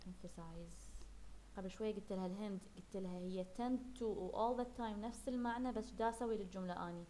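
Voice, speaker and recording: Woman teacher, talks fast, explains stuff over and over, checks on the class. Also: mid-range voice, mellow, a little hiss or hum. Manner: explains patiently, repeats words and checks with the class. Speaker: English teacher. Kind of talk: classroom English lesson mixing Arabic and English.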